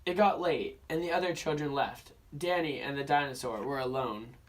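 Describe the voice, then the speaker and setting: A young man, a student, narrating a children's picture book aloud for an oral interpretation class in a steady storybook manner. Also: medium pitch, normal speed, recorded from a distance. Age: young adult. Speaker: student reader.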